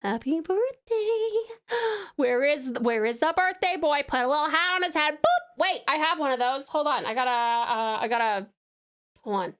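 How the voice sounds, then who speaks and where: A woman's voice: sits high, fairly quick, a bit bright, clean tone. An Australian woman from Tasmania, chatting with her viewers on a live stream, bubbly and giggly, often gasping and laughing. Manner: affectionate with viewers. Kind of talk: casual live-stream chat.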